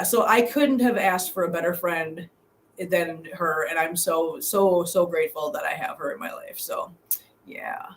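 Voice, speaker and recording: A middle-aged woman with a mid-range voice hosts a casual livestream from a hotel room. She rambles and repeats herself while chatting and reading out viewer comments.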